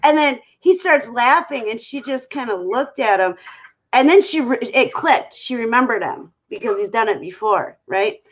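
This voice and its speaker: Animated woman storyteller, slightly high voice. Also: moderate pace, dull audio. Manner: animated storyteller, full of fillers and restarts. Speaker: panel guest. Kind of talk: casual chat. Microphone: video call.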